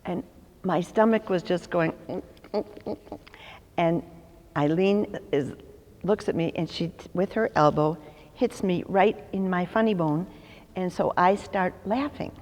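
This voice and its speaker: A woman's voice: fairly low pitch, unhurried, pauses often, a little mellow, long reverb tail. A woman in her sixties from Chicago, a religious sister telling stories in an interview, acting out the voices she quotes and laughing often. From Chicago, USA. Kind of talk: storytelling in an interview.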